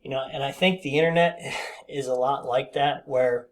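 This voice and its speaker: A man's voice: medium pitch, steady tone, moderate pace. A man in his fifties telling a casual, rambling story with many fillers and restarts. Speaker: vlogger.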